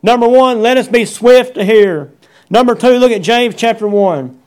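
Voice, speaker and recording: A middle-aged man preaching a sermon, quoting scripture and repeating refrains, with folksy phrasing and many halting fillers. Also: extremely high pitch, darkish tone, clean tone. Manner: preaching with Bible verse references and repeated refrains. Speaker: pastor.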